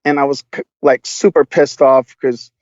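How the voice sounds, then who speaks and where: A man's voice: mid-range voice, steady tone, normal speed, a little mellow, dry recording, dull audio. A man, a podcast guest, telling stories casually in a rambling, profane way, full of fillers. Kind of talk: casual storytelling.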